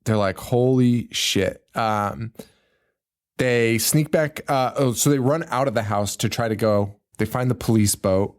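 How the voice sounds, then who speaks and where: A podcast co-host with a lowish, unhurried voice recounts a movie plot in casual conversation. He acts out the characters' screams and lines, laughing and swearing freely as he goes.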